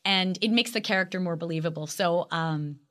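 Animated older woman, chatty storyteller. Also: on the low side, a little fast. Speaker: actress, guest. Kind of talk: casual interview chat.

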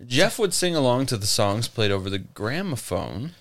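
A man's voice: mid-range voice, sing-song, moderate pace, fairly bright tone. A man co-hosting a podcast, telling a strange story in casual chat, joking and laughing often. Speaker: podcast co-host.

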